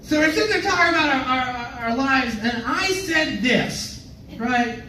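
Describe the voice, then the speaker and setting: Young male stand-up, playful and self-mocking, high-pitched, echoey live-room mic with faint club ambience. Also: animated, unhurried, background noise. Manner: playful, self-mocking, slips into goofy voices. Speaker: stand-up comedian. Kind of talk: stand-up comedy set. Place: comedy club stage. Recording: roomy club sound from a distance.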